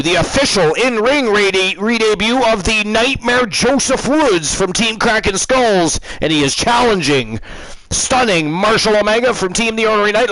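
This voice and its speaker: Animated Canadian man hosting a stream. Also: high voice, rough recording. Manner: theatrical mock outrage, drawn-out words. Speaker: stream host and commentator. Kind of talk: casual game-stream commentary.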